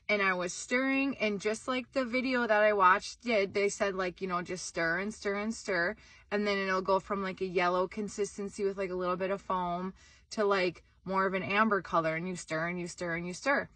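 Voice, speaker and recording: A young woman hosting a casual vlog, telling a story with lots of "like"s and excited outbursts. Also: medium pitch, normal speed, no room sound. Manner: excitable, animated, screams in retold moments, many "like"s. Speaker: vlog host.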